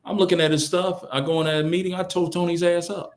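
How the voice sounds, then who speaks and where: A middle-aged man speaking as a podcast guest, telling colloquial stories, acting out other people's lines, and swinging from loud bursts to hushed asides. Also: sits high, level tone, quick pace. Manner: colloquial, quotes others in character. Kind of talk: casual storytelling on a podcast.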